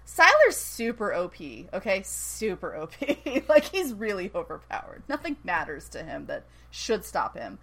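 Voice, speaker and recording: Animated woman recapping a show. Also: medium pitch, unhurried, few pauses, poor audio. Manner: animated storytelling, laughs often, acts out quotes. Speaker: podcast co-host recapping a TV episode. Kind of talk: casual chat.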